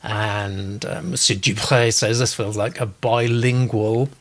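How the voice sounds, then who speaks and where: A man hosting a live stream, reading out viewer comments with quick asides. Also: fairly low pitch, fairly even intonation. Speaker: host. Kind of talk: casual live-stream chat.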